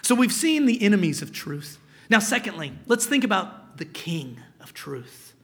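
A man's voice: high-pitched, very animated, normal speed. A male pastor preaching a sermon, reading scripture aloud and explaining it, sometimes dropping to a whisper for emphasis.

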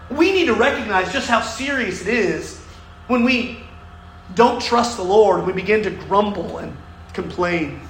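High-voiced man preaching in an echoey room. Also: lively intonation, measured pace, a bit bright, a little hiss or hum. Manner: earnest, emphatic, asks "right?" often. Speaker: pastor. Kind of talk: sermon.

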